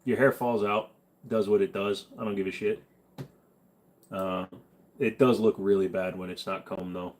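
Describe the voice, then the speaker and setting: A man's voice: fairly low pitch, fairly even intonation, normal speed, long pauses, slight background noise. A young adult man hosting a live stream, chatting casually, reading comments and answering bluntly with plenty of profanity.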